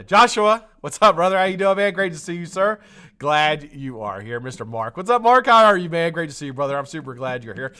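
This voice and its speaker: A man's voice: high voice, fast, clean tone. A man from the United States hosting a live stream, greeting viewers by name in a loose, chatty way and drifting into tangents. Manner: lively, chatty, jumps between shout-outs and tangents. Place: home studio.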